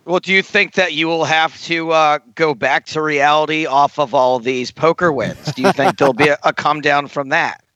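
A man co-hosts the interview, asking halting questions that he restarts midway. His voice is bright and slightly high. The sound is dry and lo-fi. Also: no echo. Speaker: co-host.

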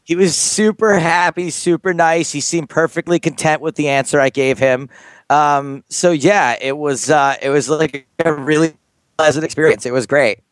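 A man co-hosting a podcast, telling a story in a loose, animated way full of fillers and restarts. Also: on the high side, moderate pace, dry recording. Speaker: podcast co-host. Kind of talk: casual storytelling chat.

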